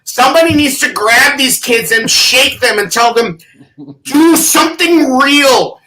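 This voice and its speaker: A woman's voice: a little high, moderate pace, pushed and bright, distant mic, rough recording. A woman in her thirties, co-hosting a podcast, ranting in a profane, exasperated way. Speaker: podcast co-host. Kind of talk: casual podcast chat.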